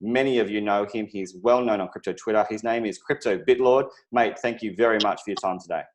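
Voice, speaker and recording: Man, Australian accent, interview host, low-pitched, friendly, chatty. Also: brisk. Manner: friendly, chatty, uses "mate" often. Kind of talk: casual interview.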